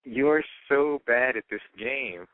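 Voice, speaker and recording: A man's voice: mid-range voice, unhurried, dry recording. A man calling in to a radio show, answering with dry, sarcastic comebacks. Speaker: caller. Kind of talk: call-in phone talk. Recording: dry tinny phone line.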